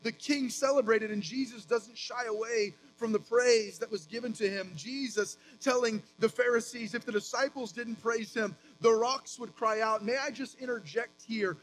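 A man in his thirties preaching a sermon as pastor, with animated emphatic rises and quick asides. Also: extremely high pitch, soft background music, rough recording.

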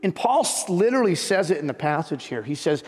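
A man's voice: a little high, very animated, fairly quick, breathy edge, big-room sound. A man preaching a sermon as pastor, telling a personal story earnestly and building to fervent emphasis.

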